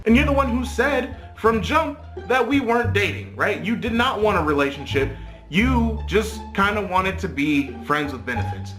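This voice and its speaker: A high-voiced man telling a casual story to the camera. His talk rambles and swears, full of filler and checking tags, with faint music under it. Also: lively intonation, moderate pace, a bit bright. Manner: profane, rambling, many "like" and "right?" tags. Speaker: vlogger.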